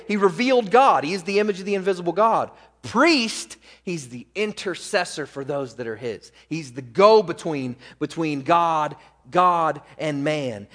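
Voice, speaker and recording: A man preaching a sermon as pastor, pressing hard on key words and then dropping to quiet asides. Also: a little high. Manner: emphatic, swings between loud stresses and quiet asides. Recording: long hall reverb.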